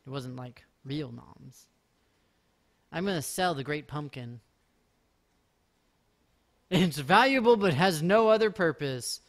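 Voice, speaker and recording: A man's voice: on the high side, expressive, measured pace, long pauses, a bit bright. A man streaming a game live, talking casually in a rambling way and making self-mocking jokes.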